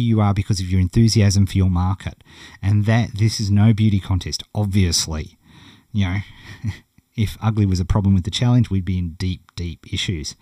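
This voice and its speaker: A man's voice: fairly low pitch, dark tone, no echo, clean studio sound. A middle-aged man with a broad Australian accent, teaching an online course in a blunt, chatty, encouraging way. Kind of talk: casual video lesson.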